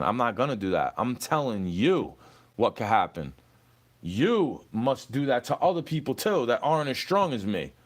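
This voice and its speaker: A young man in an angry, profane rant aimed at an online troll. His pitch swings widely as he lectures and taunts, and he keeps falling back on "bro.". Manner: profane, confrontational, repeats "bro".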